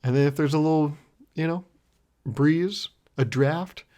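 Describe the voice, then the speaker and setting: A man's voice: on the high side, unhurried, dark tone. A man in his twenties hosting a solo podcast, telling a rambling story in a self-mocking way, laughing often and swearing freely. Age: 20s. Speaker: podcast host.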